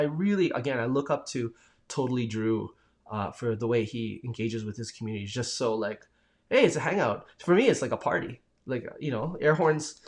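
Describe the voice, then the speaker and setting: Enthusiastic man chatting on a live stream. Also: medium pitch. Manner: reads viewer comments aloud and answers them; enthusiastic, rambling. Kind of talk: casual live-stream chat.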